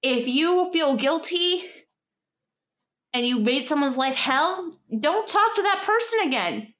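A woman's voice: high-pitched, expressive, takes it slowly, a bit bright, echoey room. A young woman co-hosting a casual advice podcast, chatty and full of fillers. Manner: chatty storyteller, lots of fillers and acted quotes. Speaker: podcast co-host.

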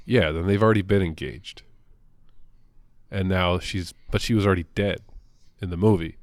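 A man's voice: low voice, moderate pace, dry recording, studio quality. A man co-hosting a casual podcast, rambling and cursing, full of jokes. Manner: profane, rambling, jokey. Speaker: podcast co-host. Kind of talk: casual comic book podcast chat.

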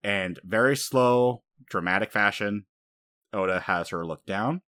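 Male host, low voice, dry close sound, animated storyteller. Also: unhurried, no room sound. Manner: animated storytelling, frequent fillers. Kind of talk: casual anime recap chat.

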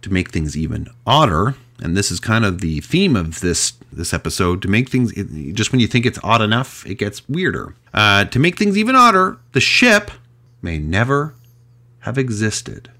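A man hosting a podcast, telling a mystery story in a casual, chatty way with animated delivery and frequent restarts. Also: fairly low pitch, normal speed. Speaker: podcast host.

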